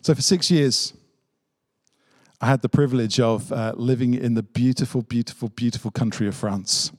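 A man's voice: mid-range voice, fairly even intonation, normal speed, no room sound, clean studio sound. A man preaching an Easter sermon, telling the story dramatically and driving points home with emphatic repetition. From Britain. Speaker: pastor.

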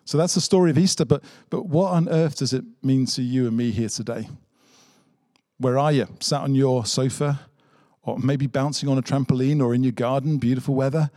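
A man's voice: mid-range voice, a little fast, mellow, no echo, studio quality. A man preaching an Easter sermon, telling the story dramatically and driving points home with emphatic repetition. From Britain. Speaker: pastor.

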